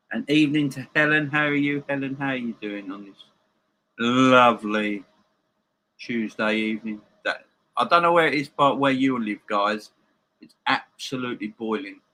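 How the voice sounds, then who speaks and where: A man's voice: medium pitch, bright, forceful tone, rough recording. A man hosting a live football watchalong from home, chatting casually and bantering with viewers as he reads their comments.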